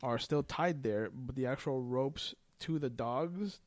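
A man's voice: mid-range voice, measured pace, no room sound. A man running a tabletop game as game master, narrating scenes in a loose, descriptive way with lots of "like" and "kinda".

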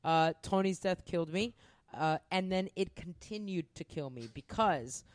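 A woman's voice: lowish voice, moderate pace, no room sound, clean studio sound. A woman co-hosting a casual podcast chat, telling stories with feeling and plenty of swearing. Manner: emotional, swearing, animated storytelling.

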